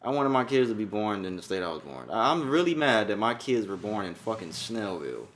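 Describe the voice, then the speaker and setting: A young man, co-hosting a podcast. He talks in loud, joking banter full of swearing, and his pitch leaps wildly from low mutters up to sudden high exclamations. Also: very animated, a little fast. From Georgia. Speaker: podcast co-host. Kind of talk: casual chat.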